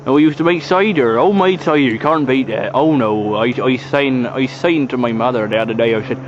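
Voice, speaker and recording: A man's voice: mid-range voice, brisk, natural voice. A man doing a rambling old country man. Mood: nostalgic. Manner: rambling, chuckling. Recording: noisy lo-fi outdoor camcorder.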